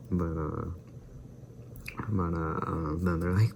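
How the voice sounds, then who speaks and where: Low gravelly young man, chatty vlog. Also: fairly even intonation, takes it slowly, pauses often, mellow, a little hiss or hum. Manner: chatty, laughs often, drops into whispered asides. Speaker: vlogger doing a daily challenge. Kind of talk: casual rambling chat.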